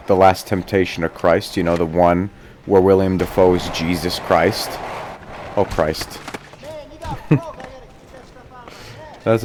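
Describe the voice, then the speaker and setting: A man's voice: low-pitched, a little mellow, a little hiss or hum. A young man giving casual gameplay commentary, rambling between topics, swearing often and joking at his own expense. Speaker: gaming YouTuber.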